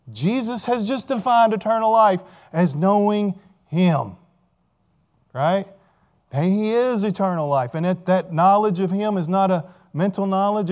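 High-voiced man preaching a sermon. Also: a little mellow. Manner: emphatic, repeats key phrases, asks the audience questions.

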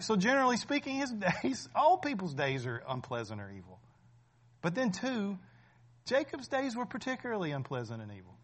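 Male preacher, forties, high-ish voice, chatty delivery that builds to emphatic peaks. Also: huge pitch swings, fairly quick. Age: 40s. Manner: conversational preaching with frequent "right?", swelling to loud emphatic peaks. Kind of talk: sermon.

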